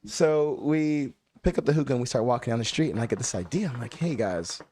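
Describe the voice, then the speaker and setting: A man's voice: medium pitch, fast talker, slight background noise. A man co-hosting a casual podcast, telling a story among friends, acting out what people said and often breaking into laughter. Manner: animated, acts out quotes, laughs often. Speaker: podcast co-host.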